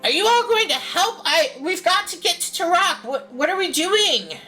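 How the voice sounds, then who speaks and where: A woman voicing a small, excitable male kobold who stammers in a panic during a tabletop game. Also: normal speed, faint music behind, heavily acted. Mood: urgent. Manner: panicked, high-pitched, stammering. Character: frantic little male kobold, anxious and excitable.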